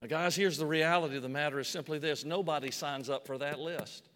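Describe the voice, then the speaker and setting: A man's voice: fairly high pitch, a little fast, fairly bright tone. A man preaching a sermon in a church. He acts out scripture scenes in quoted voices and repeats words to build emphasis. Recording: long hall reverb.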